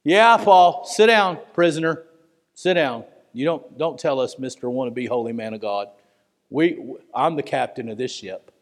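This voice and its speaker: A man's voice: mid-range voice, a little slow, long reverb tail, pitched below the performer's own voice, close to an everyday voice. A man preaching puts on the voice of a dismissive ship captain who taunts a prisoner. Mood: scornful. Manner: taunting, scornful.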